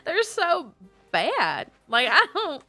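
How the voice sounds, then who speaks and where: A woman's voice: very high-pitched, wildly swooping pitch, bright, forceful tone, faint music behind, voice pushed up, exaggerated voice. A woman putting on a clumsy country cowgirl accent while chatting on a live stream, stumbling and restarting as she talks. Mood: playful. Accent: put-on Southern US country. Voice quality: self-admittedly clumsy put-on twang, halting.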